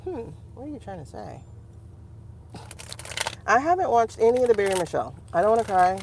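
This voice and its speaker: A woman hosts a relaxed livestream and reads tarot between stories. She chats straight to her viewers and laughs often, with a lively voice that swings high and low at a middle pitch. A faint background hum sits behind her. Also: fairly quick, vocal fry. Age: adult. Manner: chatty, animated, laughs often, talks to the chat. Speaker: livestream host and tarot reader. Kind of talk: casual livestream chat.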